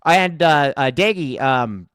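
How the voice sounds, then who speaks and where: Male podcast host, animated pitch, dry close sound, rambling jokey chatter. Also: slow, smooth, no echo. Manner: rambling, joking, many fillers. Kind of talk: casual sports podcast chat.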